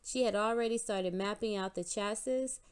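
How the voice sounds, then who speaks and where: Woman narrator for a kids' read-aloud, steady and clear, mid pitch. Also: normal speed. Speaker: storybook reader. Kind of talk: reading a picture book aloud.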